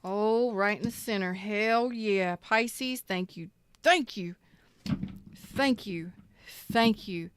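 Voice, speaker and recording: A woman's voice: medium pitch, slow, slight background noise. A woman giving a live tarot reading, emphatic and preachy, swearing freely and close to tears. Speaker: tarot reader.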